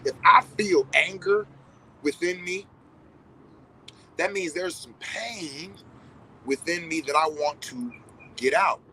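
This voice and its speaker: A man's voice: on the high side, slow, pauses often, pushed and bright, a little hiss or hum, poor audio. Man talking straight to his viewers. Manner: conversational, addresses viewers directly, profane. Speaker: vlogger. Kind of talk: reflective casual monologue.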